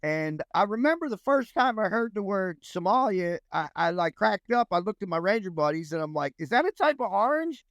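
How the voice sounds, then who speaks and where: A man's voice: high voice, expressive, normal speed, hardly any pauses, fairly bright tone, dry recording. A man, telling a long, rambling story as an interview guest, restarting sentences and acting out quotes. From United States. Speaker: guest, former Army Ranger.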